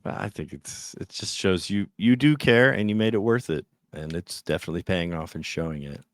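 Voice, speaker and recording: A man hosting a podcast interview, asking prepared questions in a measured way. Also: deep voice, no echo, studio quality. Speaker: podcast host.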